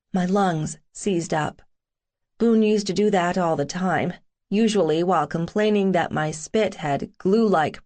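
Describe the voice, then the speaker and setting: A woman reads a first-person romance novel aloud, her voice on the lower side. She takes her time over every line, sassy and wry in tone. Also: a little mellow. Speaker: audiobook narrator.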